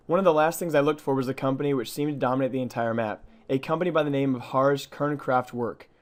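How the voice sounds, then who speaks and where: A man narrates a video game walkthrough at a quick clip, with a voice of ordinary pitch for a man. He reads from a script in a brisk, matter-of-fact way and muses over the odd details he has found. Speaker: gaming channel host.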